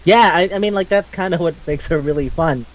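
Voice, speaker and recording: Animated, foul-mouthed young man. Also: on the high side, brisk. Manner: animated, swears a lot, acts out characters' lines. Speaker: podcast co-host. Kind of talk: casual chat recapping an anime.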